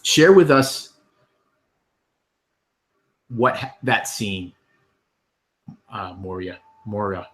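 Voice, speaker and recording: A man's voice: lowish voice, animated, extremely slow, long pauses, fairly bright tone. A man narrating scenes as game master of a tabletop game, with many ums and restarts.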